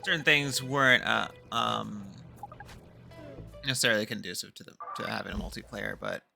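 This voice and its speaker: Brief: gravelly-voiced man, rambling casual game commentary. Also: fairly low pitch, normal speed, sharp tone. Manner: rambling, swearing, laughs often. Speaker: streamer. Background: game music.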